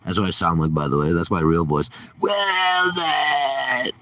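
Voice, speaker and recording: A man's voice: a bass voice, fairly even intonation, fast talker, fairly bright tone, far from the mic. Sarcastic ranting man on a stream. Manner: sarcastic, profane rambling rant. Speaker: livestream host. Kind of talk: casual ranting livestream.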